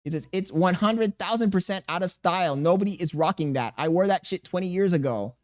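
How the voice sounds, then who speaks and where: Male streamer, thirties, a bit higher pitch, loose joking banter with chat. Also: expressive, a little fast. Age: 30s. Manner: joking, laughing, reads chat aloud, crude banter. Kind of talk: casual live-stream chat reading.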